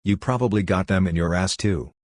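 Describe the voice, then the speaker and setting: A man reading as a calm, coaxing young man. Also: low voice, brisk, dry recording, studio quality.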